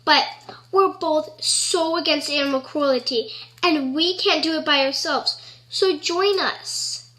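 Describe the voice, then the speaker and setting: A woman's voice: high-pitched, slow pace, bright, forceful tone. A woman vlogger talking casually to camera, earnest and rambling with lots of "like".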